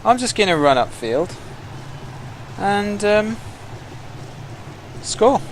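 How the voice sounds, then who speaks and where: A man giving excitable, taunting commentary over a video game he is playing. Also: medium pitch, measured pace, slight background noise. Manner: excitable, taunting trash talk. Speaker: gaming commentator. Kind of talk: let's-play commentary.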